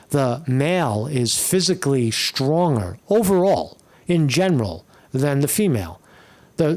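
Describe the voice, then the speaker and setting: A man's voice: mid-range voice, darkish tone. A man doing blunt, profane live-stream commentary, rambling and restarting as he reacts to news.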